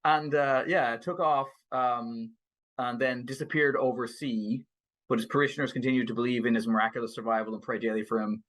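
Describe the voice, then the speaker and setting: Man, podcast co-host, casual book chat, chuckles a lot, halting and restarting, mid-pitched voice. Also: steady tone, fairly bright tone. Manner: chuckling, many fillers and restarts.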